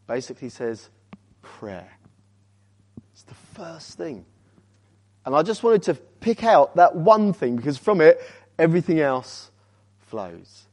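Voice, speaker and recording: A man preaching a sermon as a visiting speaker, urging the congregation with rhetorical questions and swinging from loud emphasis to quiet, weighty words. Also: fairly high pitch, expressive, normal speed.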